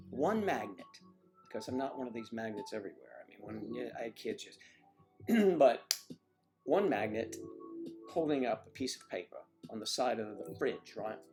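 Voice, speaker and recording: A man hosting a home livestream in casual chat, rambling between stories and swearing freely. His voice sits at an ordinary middle pitch, and loud music plays behind him the whole time. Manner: rambling, profane, jumps into high-pitched acted quotes. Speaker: livestream host.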